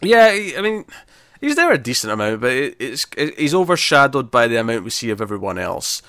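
A man talks through a film in a relaxed podcast conversation. His voice sits at an ordinary pitch and sounds dry and close. He often trails off into quieter asides. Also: brisk, no echo. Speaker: podcast co-host. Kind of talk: casual film review chat.

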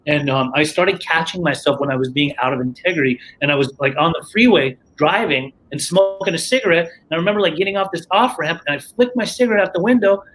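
Man telling a recovery story, slightly high. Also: a bit bright, a little hiss or hum, poor audio. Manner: rambling, lots of fillers and restarts. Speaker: guest sharing his recovery story. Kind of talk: casual storytelling.

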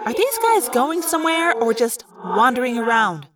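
A woman's voice: sits high, lively intonation, far from the mic, very noisy, pitched above the performer's own voice. A woman reading a story aloud and voicing an impatient, tough teenage girl who grumbles. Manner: grumbling, brisk.

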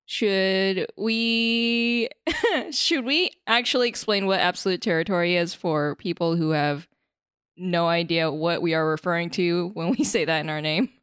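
A woman's voice: fairly low pitch, a little slow, fairly bright tone, clear, resonant tone, no echo, studio quality. A woman hosting a podcast in casual chat, playful and giggly, laughing often. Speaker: podcast host.

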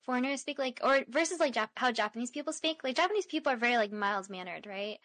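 A woman's voice: on the high side, lively intonation, fast, fairly bright tone, dry recording. A woman chatting casually, speaking hesitantly with many fillers. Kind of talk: casual chat.

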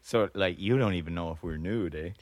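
Goofy teasing canadian hoser, a guy playing him, real deep voice, dry close sound. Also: a little fast, darkish tone, no echo, lightly acted. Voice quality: teasing, goofy, laughs at his own jokes. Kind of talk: improvised comedy album sketch.

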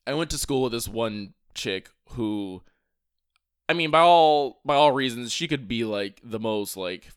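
A man's voice: medium pitch, a bit bright, clean tone, no room sound. Ranting young man on a dry mic. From Virginia. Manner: ranting, restarts a lot, swears often. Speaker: podcast co-host. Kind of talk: casual chat.

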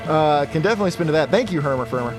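Podcast co-host, man in his forties, animated pitch that rises above most men's, laughs easily. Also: rapid-fire, music in the background. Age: 40s. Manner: joking, laughs often. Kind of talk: casual comic chat.

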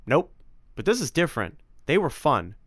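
Brief: man playing a quick, sarcastic boy sidekick for an audiobook, higher than his own voice, clean dry read. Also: big pitch swings, fairly bright tone, breathy edge, no echo, heavily acted. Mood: joking. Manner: eager, joking, sarcastic. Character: excitable wisecracking boy hero. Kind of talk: audiobook character voice.

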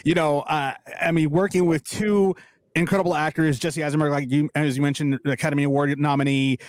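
A man's voice: on the high side, steady tone, fairly quick, no room sound, clean studio sound. A man hosting a podcast interview, talking casually with frequent hesitations and fillers. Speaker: podcast host.

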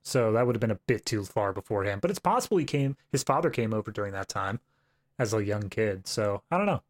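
A man's voice: lowish voice, animated, fast talker. A man co-hosting a podcast, chatting about a film with jokey asides. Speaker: podcast co-host. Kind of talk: casual film review chat.

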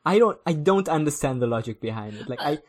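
A man's voice: a little high, lively intonation. Musing young man in casual chat. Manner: thoughtful, musing, laughs along, halting restarts. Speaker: podcast co-host.

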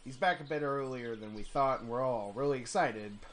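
A man's voice: medium pitch, a little fast. Laid-back male game master. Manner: relaxed, chatty, laughs easily. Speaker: game master and podcast host. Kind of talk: casual podcast narration and game mastering.

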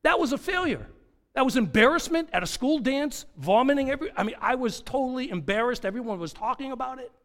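A man with a very high-pitched voice and lively intonation preaches a sermon, telling a personal story. He repeats key phrases slowly for emphasis and swings between quiet and loud.

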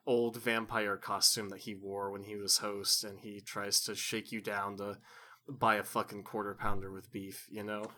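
A man with a bright, forward voice co-hosts a comedy podcast. He reads listener questions and riffs in loose, swear-heavy banter. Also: lowish voice, flat delivery, moderate pace. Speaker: podcast co-host. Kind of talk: casual comedic chat.

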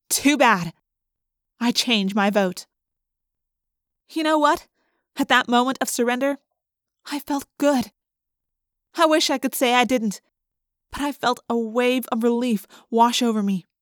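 A woman's voice: on the high side, dry recording, studio quality. A woman reading a first-person storybook aloud and voicing the emotional dialogue expressively. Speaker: audiobook narrator.

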